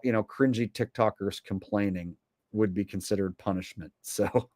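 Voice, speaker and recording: A man's voice: on the low side, normal speed, no room sound, studio quality. A man hosting a commentary vlog and reading viewer donations, with a rambling, sarcastic and profane way of talking.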